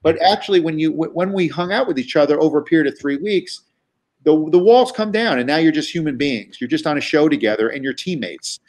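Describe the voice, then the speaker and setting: A man tells road stories as a guest, casual and profane. His voice sits a bit high for a man. He restarts sentences often and piles on fillers as he goes. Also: lively intonation, brisk, darkish tone. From New York. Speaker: guest comedian. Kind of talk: casual storytelling.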